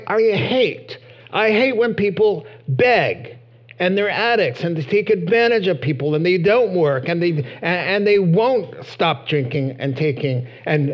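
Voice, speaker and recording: Man, pastor, sermon, animated, slightly high voice, muffled lo-fi sound. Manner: animated, acts out voices, rises to high excited peaks. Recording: dull lo-fi sound.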